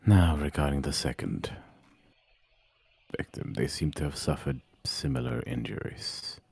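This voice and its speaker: A man voicing a grave, formal male investigator in a tabletop game, with a measured, questioning manner. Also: huge pitch swings, darkish tone, exaggerated voice. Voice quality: very deep, gravelly, husky. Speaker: player. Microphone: online voice call.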